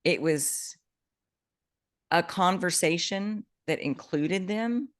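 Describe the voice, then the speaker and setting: A woman co-hosting a podcast, chatting casually and telling an animated story with bursts of excitement. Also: lowish voice, slow, dry recording, clean studio sound. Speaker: podcast co-host, coach. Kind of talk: casual chat.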